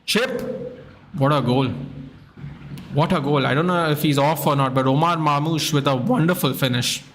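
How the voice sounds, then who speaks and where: Speaking briskly in a fairly high voice over slight background noise, this man hosts a live football watchalong stream. He's chatty, reading viewer comments aloud and getting worked up whenever someone scores.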